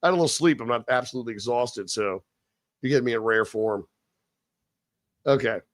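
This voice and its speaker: A man's voice: medium pitch, no room sound, clean studio sound. A man hosting a live stream, chatting casually and ranting in a profane, rambling way, then reading scripted narration. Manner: reads scripted narration slowly. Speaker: live-stream show host.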